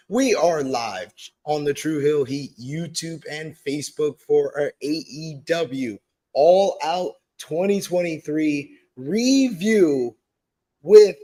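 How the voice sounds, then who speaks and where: A man hosting a wrestling podcast in casual chat, his voice hoarse and tired, often repeating words. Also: a little high, mellow. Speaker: podcast host.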